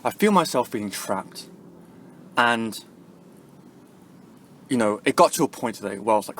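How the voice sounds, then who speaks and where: A man venting in a vlog, rambling and swearing, full of fillers, swinging from quiet musing to loud angry bursts. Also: medium pitch, big pitch swings, normal speed, long pauses. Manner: rambling, profane, with constant "you know" and "right?" fillers. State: angry and frustrated. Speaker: vlogger. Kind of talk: emotional vlog rant.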